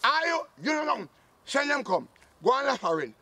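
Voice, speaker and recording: A man's voice: very high-pitched, big pitch swings, normal speed, sharp tone, full character voice. A man playing a boastful old Jamaican uncle and former soldier, blustering and scolding in a comic sketch.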